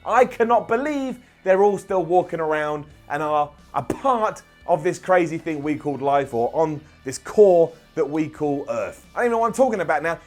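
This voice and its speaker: A young man with a high, bright-edged voice, delivering an opinionated recap in an animated, sarcastic way. Light music plays underneath his voice. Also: moderate pace, hardly any pauses. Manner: sarcastic, animated, jokey asides. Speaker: wrestling show reviewer.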